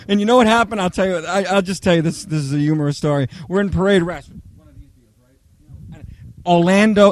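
A man preaching a sermon, telling lively personal stories and often checking in with "okay?" and "right?". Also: on the high side, no room sound. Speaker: pastor.

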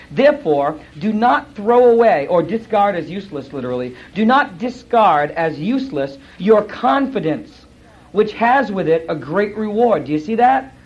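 A man, a pastor, giving sermon-style Bible teaching to a class. He is emphatic and animated, fires off rhetorical questions and acts out other people's voices. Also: sits high. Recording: dull lo-fi recording.

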